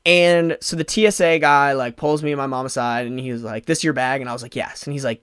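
A man's voice: medium pitch, fairly quick, clear, resonant tone, dry recording, clean studio sound. A young man telling a story in a rambling, casual way, full of fillers and restarts. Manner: rambling, filler-heavy, animated.

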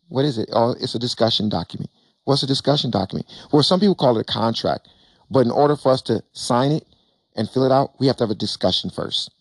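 A man who invests in real estate gives an emphatic, animated talk to an audience on a panel, repeating phrases and acting out bits of dialogue. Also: medium pitch, no echo. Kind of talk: motivational stage talk to an audience.

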